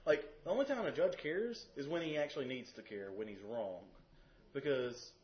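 A man's voice: mid-range voice, animated, normal speed. A man on a casual podcast who works as a card game judge, telling stories and explaining the rules. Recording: dull lo-fi audio.

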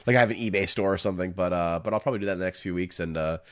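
Gravelly-voiced man rambling on a podcast. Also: sits low, very fast. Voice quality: gravelly vocal fry. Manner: rambling, lots of filler words. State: hoarse, coughing. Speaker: podcast co-host. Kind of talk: casual podcast chat.

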